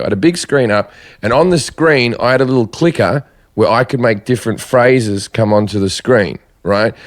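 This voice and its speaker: A man, a comedian guest telling stage anecdotes in casual chat, laughing often as he talks. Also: medium pitch. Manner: chatty, laughs often, breaks into quoted voices.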